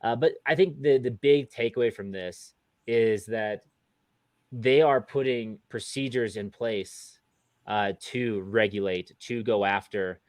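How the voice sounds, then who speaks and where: A man's voice: on the low side, a little slow, a little mellow, no room sound. A man co-hosting a podcast, talking in a casual, hesitant way with many fillers and restarts. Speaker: podcast co-host.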